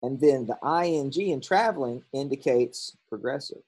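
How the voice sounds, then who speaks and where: Husky male grammar teacher. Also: medium pitch, moderate pace, a little mellow, poor audio. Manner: casual, explanatory, with ums and self-corrections. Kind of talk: recorded classroom lesson.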